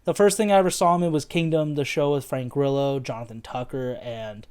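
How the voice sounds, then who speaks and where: A man's voice: mid-range voice, steady tone, brisk, a little mellow, smooth. An American man co-hosting a casual film review, rambling loosely with fillers and the odd swear. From United States. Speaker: podcast co-host.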